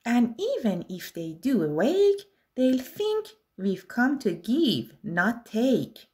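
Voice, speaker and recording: A woman's voice: fairly high pitch, huge pitch swings, slow, a little mellow, full character voice. A woman voicing two sly male burglars plotting a theft in a children's story. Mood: scheming.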